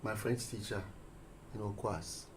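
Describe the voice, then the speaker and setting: A man's voice: fairly low pitch, a little slow, slight background noise. A man, a teacher and guest, talking on a radio show and telling school stories with quoted voices. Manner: animated storyteller, acts out quotes. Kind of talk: radio discussion. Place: radio studio.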